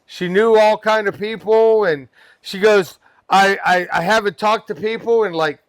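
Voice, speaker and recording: A man's voice: high voice, a little slow, dry recording. A man telling a funny customer story in a casual podcast chat, acting out the quoted voices and laughing often. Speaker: guest, pest control worker.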